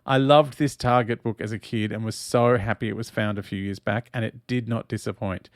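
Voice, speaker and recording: Giggly camp man, gravelly voice. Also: lowish voice, fairly even intonation, brisk, dry recording, clean studio sound. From Australia. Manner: giggly, camp, laughs often. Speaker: host of a watch-along stream. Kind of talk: casual live commentary reading chat.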